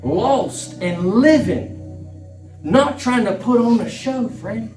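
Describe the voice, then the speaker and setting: A man's voice: very high-pitched, animated, slow pace, a little mellow. A middle-aged man, preaching a fervent sermon as a pastor and repeating phrases for emphasis. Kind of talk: impassioned sermon. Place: church sanctuary. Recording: echoey church room, distant mic, faint music.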